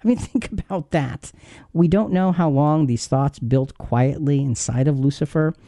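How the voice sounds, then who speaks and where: A man's voice: on the high side, normal speed, warm tone, no echo, clean studio sound. A man in his fifties hosting a Bible teaching show, telling a painful story in a heartfelt, earnest way. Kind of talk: earnest devotional talk.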